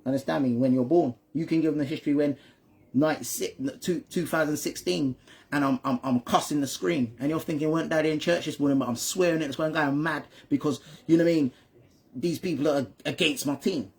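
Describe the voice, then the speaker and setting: A man's voice: on the high side, brisk, creaky, slightly rough. A father telling his son football history in a casual chat, often checking in with "right?" and "you understand me?". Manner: repeats and restarts words when stumbling. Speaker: father and channel host.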